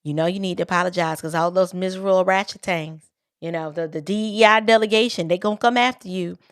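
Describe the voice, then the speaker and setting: A woman's voice: on the low side, no echo, studio quality, pitched below the performer's own voice, close to an everyday voice. Woman doing a drawling cartoon mouse. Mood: coaxing. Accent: American Southern, put on. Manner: coaxing, hurried whisper into an earpiece.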